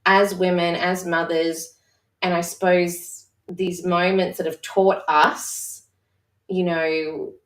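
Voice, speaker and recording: A mother leading a discussion session who talks in a candid, reflective, halting way with frequent restarts. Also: on the low side, little pitch movement. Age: adult mother. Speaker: session facilitator. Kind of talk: personal sharing in a live-streamed discussion. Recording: roomy echo, voice far from the mic.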